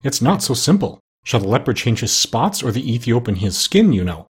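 A man reading an audiobook, voicing a mild, thoughtful doctor close to his own breathy voice. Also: mid-range voice, big pitch swings, brisk. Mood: reasoning. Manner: mild and reasoning. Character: mild, thoughtful middle-aged male doctor.

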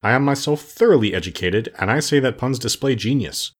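A man's voice: mid-range voice, animated, brisk, husky. A man voicing a pompous, overeducated male insect professor who talks stiffly and self-importantly.

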